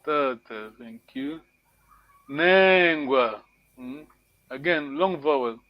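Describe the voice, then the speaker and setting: A man teaching a language lesson over a video call, patiently repeating words slowly and chuckling often. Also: mid-range voice, muffled recording, a crowd in the background. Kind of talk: live online language lesson.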